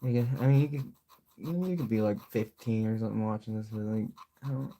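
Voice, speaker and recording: A man's voice: on the low side, quick pace, mellow. A young man talking loosely while painting on a live stream, joking to himself and his chat and swearing freely. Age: young adult.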